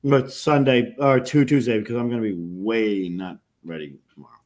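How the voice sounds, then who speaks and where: A man's voice: fairly low pitch, moderate pace, a little mellow. A man hosting a casual live-stream chat with friends, joking and talking over the others. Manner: jokey, talks over others, trails off. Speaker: show host.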